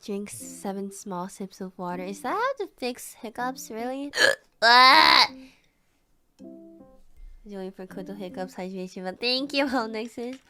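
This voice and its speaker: A woman's voice: on the high side, lively intonation, unhurried, sharp tone, faint music behind. A woman streamer chatting casually while hiccuping, breaking off with gasps, yelps and flustered giggles. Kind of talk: casual live-stream chat.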